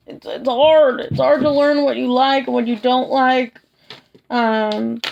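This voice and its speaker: Slow, gravelly-voiced tired woman vlogger. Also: a little high. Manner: soft, hesitant, with many restarts and fillers. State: tired, yawning. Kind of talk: casual personal chat to camera.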